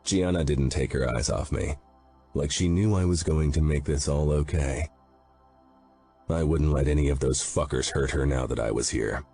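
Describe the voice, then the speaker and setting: A man's voice: rumbling low, normal speed, dark tone. A man reading a romance audiobook aloud, narrating in first person with a grim, brooding delivery. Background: faint background music.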